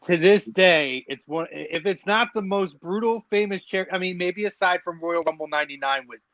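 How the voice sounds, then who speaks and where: Eager podcast host, dry lo-fi sound. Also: male voice, high-pitched, fairly bright tone, no echo. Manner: enthusiastic, quick to praise. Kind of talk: casual interview.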